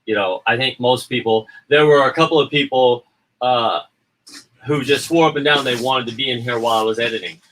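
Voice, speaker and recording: Rambling man with a bright voice, a bit off-mic. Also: medium pitch, fairly quick, far from the mic, a little hiss or hum, poor audio. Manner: rambling, repeats words, acts out quotes. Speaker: indie filmmaker and editor. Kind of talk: casual livestream chat.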